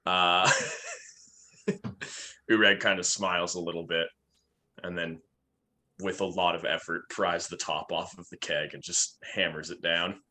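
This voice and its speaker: A man's voice: sits low, level tone, a little slow, pauses often, pushed and bright. A man playing a tabletop game in a crude, laid-back way. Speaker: player. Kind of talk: casual tabletop play.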